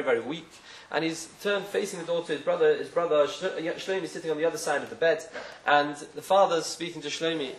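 Fast-talking man telling a parable. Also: fairly high pitch, reverberant, slight background noise, low-quality recording. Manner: animated storyteller, acts out voices in quotes. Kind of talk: sermon with storytelling.

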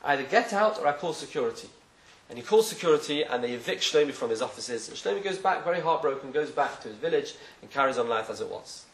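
A man's voice: medium pitch, fast talker, few pauses, echoey room, poor audio. A man telling a parable as part of a sermon, acting out the characters' voices as he goes. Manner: animated storyteller, acts out voices in quotes. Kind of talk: sermon with storytelling.

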